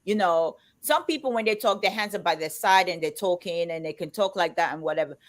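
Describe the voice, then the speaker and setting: A woman in her fifties who talks loudly and emphatically, as if shouting, chatting on a live show. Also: on the low side, brisk. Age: 50s. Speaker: co-host of a live chat show. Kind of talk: casual chat.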